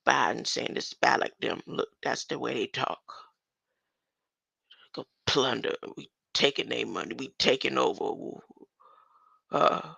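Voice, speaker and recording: Older speaker, solo rambling talk, slow and gravelly, bright edge, reads verses and argues back. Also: medium pitch, no room sound. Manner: laughs often and keeps asking "huh?"; reads verses aloud then argues with them. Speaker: self-styled scripture commentator.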